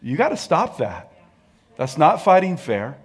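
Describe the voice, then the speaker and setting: A man pastor preaching a sermon in a lively, colloquial way and calling on the congregation to answer back. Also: fairly high pitch, a little slow. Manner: energetic, colloquial, calls for audience response.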